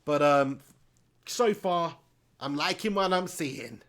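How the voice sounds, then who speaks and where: A man hosting a live football watch-along, chatting loosely and reading viewer comments aloud. He calls viewers mate, and his voice sits a little high. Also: slow, fairly bright tone. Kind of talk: casual live-stream commentary.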